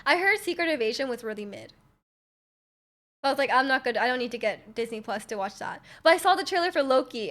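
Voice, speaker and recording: A young woman chatting casually with her livestream viewers, rambling loosely and answering their questions as they come in. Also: high-pitched. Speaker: livestreamer reading chat.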